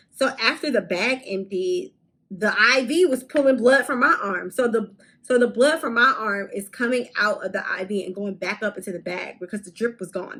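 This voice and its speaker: Young woman, storytime vlog, animated, candid, casual swearing, middle pitch. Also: low-quality recording. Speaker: vlogger.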